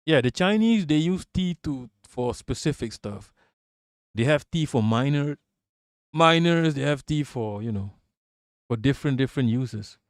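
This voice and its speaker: Profane, animated male streamer, dry sound. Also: medium pitch, unhurried, no room sound. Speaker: livestream host. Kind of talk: casual livestream chat.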